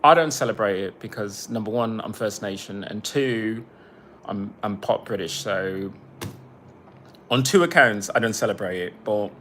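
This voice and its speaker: A man's voice: on the low side, lively intonation, moderate pace, fairly bright tone, slight background noise. Rambling, profane man on a livestream. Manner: rambling, profane, breaks off to greet viewers. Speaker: independent musician livestreaming. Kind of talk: casual livestream chat.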